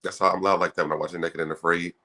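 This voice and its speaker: Bright, fast-talking man co-host. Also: sits low, flat delivery. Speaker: podcast co-host. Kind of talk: casual recap chat.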